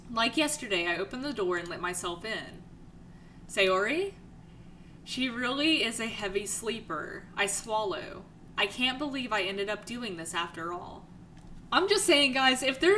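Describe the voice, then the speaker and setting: Slow, bright-voiced young woman. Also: fairly high pitch, slight background noise, rough recording. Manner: reads the game's text aloud between her own reactions. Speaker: let's play host. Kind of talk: let's play commentary.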